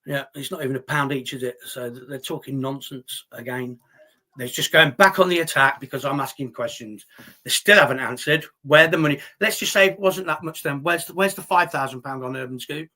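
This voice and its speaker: A livestream host reads his viewers' chat and responds in heated, indignant talk full of swearing. His mid-range voice is a little fast, pushed and bright.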